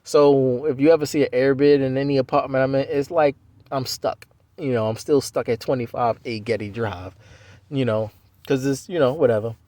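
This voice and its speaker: A man in his forties tells his own story in a loose, wandering way, circling back with "you know" and half-finished starts. His voice sits at an ordinary middle pitch, recorded close and dry with no room around it. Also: steady tone, moderate pace, warm tone, no room sound. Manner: loose, conversational, full of "you know" and restarts. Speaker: Navy veteran telling his life story. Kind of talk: rambling personal storytelling.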